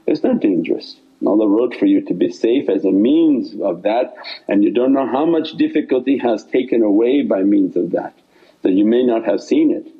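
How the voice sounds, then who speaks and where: A man's voice: medium pitch, slightly rough, lo-fi sound. A man teaching in an informal sermon, with meandering speech that repeats itself and loose phrasing. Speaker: religious teacher.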